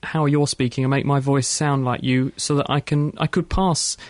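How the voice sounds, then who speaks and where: A man's voice: mid-range voice, fairly even intonation, normal speed, dry recording. A man with a British accent hosting a science radio show in a studio, chatty and joking. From Britain. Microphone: studio mic.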